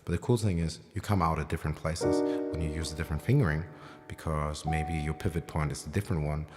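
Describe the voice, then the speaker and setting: Very deep-voiced man teaching piano live. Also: fast, long reverb tail. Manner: rambling, thinking aloud with many fillers; self-described as loud when excited. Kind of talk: casual livestream piano lesson. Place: at home late at night. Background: piano playing.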